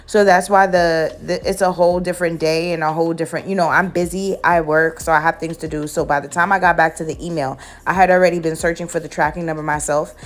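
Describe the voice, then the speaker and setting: A young woman from the Bronx, telling a casual, animated storytime for her vlog in a slangy, sassy way. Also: sits low. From the Bronx, New York. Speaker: nail and beauty vlogger.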